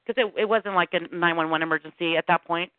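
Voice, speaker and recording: A middle-aged woman, a guest on a call-in interview, recounting a personal encounter in an animated way and acting out what people said. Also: lowish voice, fast talker, no room sound. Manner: animated storytelling with quoted dialogue. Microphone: phone call. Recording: tinny phone line.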